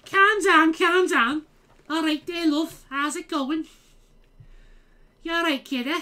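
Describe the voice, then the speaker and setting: A gaming streamer putting on a deliberately bad, exaggerated impression of a cheery Scouse man with a thick Scouse accent. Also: very high-pitched, fairly even intonation, bright, forceful tone, voice pushed up, full character voice. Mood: hammy.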